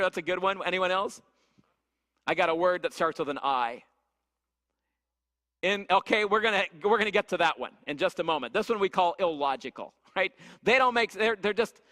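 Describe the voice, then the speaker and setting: A man's voice: high voice, bright, forceful tone. A man leading a church leadership workshop, telling stories and asking the audience questions with lots of energy. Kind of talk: church leadership seminar teaching. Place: church hall. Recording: echoey hall with long reverb.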